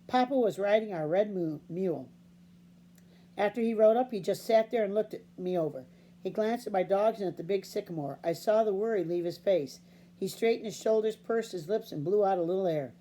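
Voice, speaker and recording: A woman reading a children's novel aloud in a steady, unhurried storybook narration. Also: mid-range voice. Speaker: audiobook reader.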